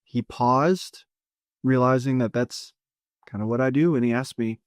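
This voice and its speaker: A man working as a financial coach, telling a relaxed, rambling anecdote on a podcast. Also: mid-range voice, unhurried, dry recording, studio quality. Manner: relaxed, anecdotal, many fillers and restarts. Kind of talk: podcast storytelling.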